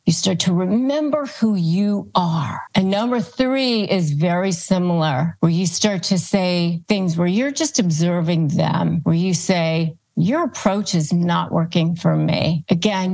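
Low, gravelly-voiced woman giving advice. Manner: calm, instructive, demonstrates phrases aloud. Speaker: host. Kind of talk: advice talk to camera.

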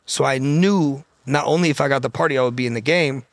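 A man's voice: medium pitch, no room sound. A man in the middle of his range tells a rambling personal story at speed, swearing freely. The sound is dry and close, with no room around it. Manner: profane, fast-talking anecdote with quoted dialogue. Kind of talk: casual storytelling.

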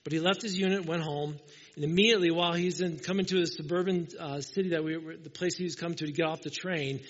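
A male pastor delivers a sermon in a conversational, storytelling way, voicing the people he quotes. His voice sits fairly high. The sound is muffled and rings out with long church reverb. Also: steady tone, fast.

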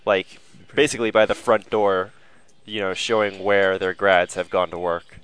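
A man in a casual podcast chat, answering with deadpan, crude humor. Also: sits low, moderate pace, clean tone.

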